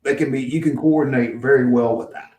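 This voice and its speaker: Telling a long story about work on his podcast, a male host from Mississippi rambles casually, restarting often and chuckling. He speaks briskly in a mellow mid-range voice with fairly even intonation, recorded far from the mic in a roomy setting.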